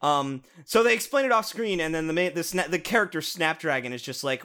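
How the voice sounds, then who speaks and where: A man co-hosting a casual podcast, reviewing a show in an animated, sarcastic rant with lots of swearing and restarts. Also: on the high side, a little fast, few pauses.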